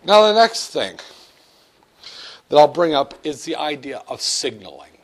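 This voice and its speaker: A man teaching a finance class, explaining ideas with jokes and loud shouted asides. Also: on the high side, measured pace. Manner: lively and joking, with sudden shouted asides. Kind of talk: classroom lecture.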